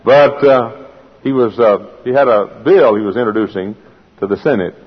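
A husky-voiced male preacher delivering a sermon, shifting from homespun anecdotes to fervent, rising proclamation. The sound is dull and lo-fi, with a long reverb trailing off the walls of a large hall. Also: mid-range voice, moderate pace. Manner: folksy storytelling building to fervent preaching. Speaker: pastor.

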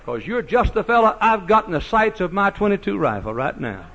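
Shouting preacher, lively pitch. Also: male voice, brisk. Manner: shouting preacher, swings from loud to hushed; folksy, mocking humor. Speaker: pastor. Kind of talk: sermon.

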